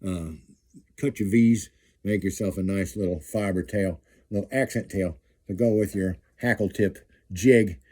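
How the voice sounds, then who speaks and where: A middle-aged man talks through a jig-tying demonstration in a relaxed, folksy way, often repeating his phrases as he works. His voice is very dark and mellow, with a husky edge. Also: sits low, unhurried. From eastern Kansas. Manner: folksy, chatty, repeats phrases while working. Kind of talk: casual how-to demonstration.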